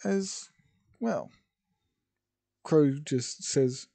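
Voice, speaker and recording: A man narrates a homemade story at a slow, unhurried pace, often stopping to correct himself mid-sentence. His pitch swings widely while the tone stays dark and mellow. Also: lively intonation. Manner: rambling, self-correcting, hesitant. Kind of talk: improvised fan-fiction narration.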